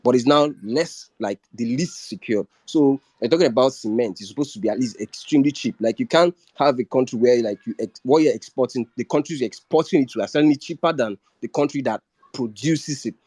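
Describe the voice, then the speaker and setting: Male caller, mellow dry voice, halting, keeps restarting sentences. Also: mid-range voice, no echo. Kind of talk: casual call-in comment.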